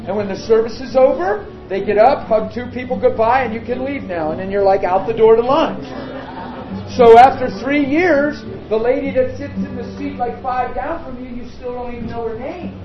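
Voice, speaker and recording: A man's voice: very high voice, moderate pace. Chatty pastor man in a roomy hall. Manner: chatty, joking with the congregation. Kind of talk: informal sermon. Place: meeting room with a congregation. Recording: roomy, dull sound with crowd behind.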